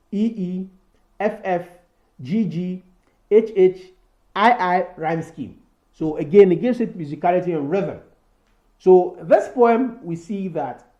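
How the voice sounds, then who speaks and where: A man's voice: high-pitched, mellow, roomy sound, highs cut off. A male teacher explaining poetry form and rhyme schemes, filling his talk with "so" and "you know" and restarting words. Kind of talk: recorded poetry lesson.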